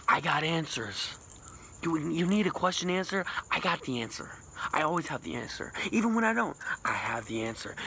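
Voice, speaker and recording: A man rambling as a boastful mock self-help guru, jumping between loud bursts and hushed whispers with a self-described put-on accent and lisp. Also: vocal fry, slight background noise. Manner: rambling, boastful, absurd know-it-all; sudden pitch jumps and dropped whispers. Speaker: comedic vlogger.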